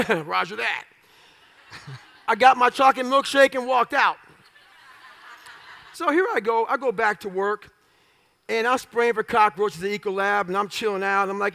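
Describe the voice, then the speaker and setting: A man's voice: high voice, moderate pace, vocal fry, fairly bright tone. A man telling his story in a blunt, profane, punchy way as an interview guest before a live audience. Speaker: guest speaker.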